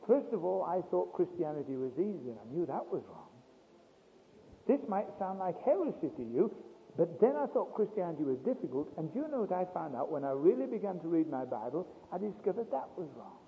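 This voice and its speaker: A man delivers a storytelling sermon, his high voice leaping up and down as he swings from hushed asides to loud declarations. The recording is thin and tinny, as if heard over a phone line, with a long reverb trailing behind him in a large hall. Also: big pitch swings, fairly quick, creaky, a little hiss or hum. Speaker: preacher.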